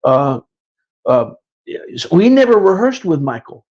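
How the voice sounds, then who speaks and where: An older man with a high-set voice tells stories in a loose, rambling way. He often stumbles and repeats himself as he talks. The recording sounds dull and muffled. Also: big pitch swings, a little slow, darkish tone. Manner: repeats words, restarts often. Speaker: guest musician. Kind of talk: casual storytelling.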